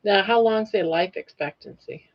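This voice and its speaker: A woman's voice: medium pitch, moderate pace, lo-fi sound. An older woman co-hosting a casual live-stream chat over a video call, cooing fondly at a dog now and then. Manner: coos affectionately at a dog. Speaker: co-host.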